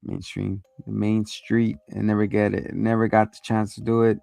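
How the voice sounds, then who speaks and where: A man's voice: fairly low pitch, flat delivery, moderate pace, vocal fry, mellow, no room sound. A man hosting a casual episode recap, loose and profane, acting out quotes along the way. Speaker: host.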